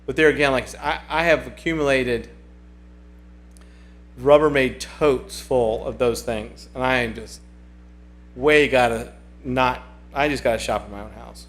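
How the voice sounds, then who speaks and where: A man's voice: mid-range voice, measured pace, long pauses, a bit bright. A man hosting a casual livestream, chatting and reading viewer comments aloud in a rambling way that often repeats itself. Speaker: livestream host.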